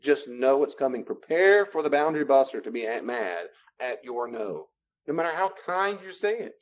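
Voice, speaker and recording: A man teaching a room full of people, his voice sitting in a middle pitch. The recording is dull and lo-fi. He lectures in an animated way, playing both people in short exchanges to make his points. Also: moderate pace. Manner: animated, acts out both sides of dialogues. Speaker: counselor teaching a class. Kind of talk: classroom lecture with role-play examples.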